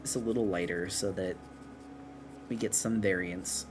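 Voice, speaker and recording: A man's voice: low-pitched, fairly even intonation, normal speed, background noise. A man streaming while he draws, chatting casually in a rambling, self-correcting way. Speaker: streamer and artist. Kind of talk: casual live-stream chat while drawing.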